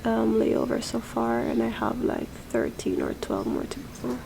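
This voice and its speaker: A woman's voice: a little high, huge pitch swings, a little slow, creaky, noisy background. A woman from Jamaica talking casually to her camera in an airport terminal, chatty and full of fillers. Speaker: vlogger.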